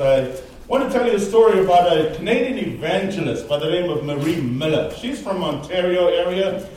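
A man preaching a sermon, telling a story with animated, emphatic delivery. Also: on the high side. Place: church sanctuary. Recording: very echoey, distant mic in a large room.

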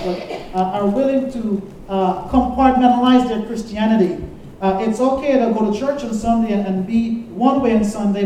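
A male pastor preaching in a church, his mellow, dark voice carrying through a strongly echoing sanctuary. He leads call-and-response lines and tells stories, heard from some distance away from the mic. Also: high-pitched, slight background noise. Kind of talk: sermon.

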